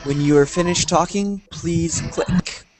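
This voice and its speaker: A man's voice: fairly high pitch, a little slow, soft background music. A man teaching an online English class over a video call, friendly, often asking "right?" to check in.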